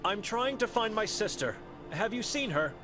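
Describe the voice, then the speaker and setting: An actor playing an earnest monk investigator in a video game, asking polite, gently probing questions. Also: male voice, sits high, big pitch swings, normal speed, music in the background. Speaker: game character.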